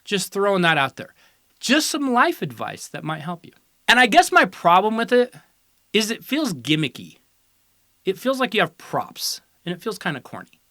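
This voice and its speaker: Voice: mid-range voice, very animated, normal speed, sharp tone, no room sound, studio quality. A host giving opinionated college football commentary in a sarcastic, teasing, lecturing way.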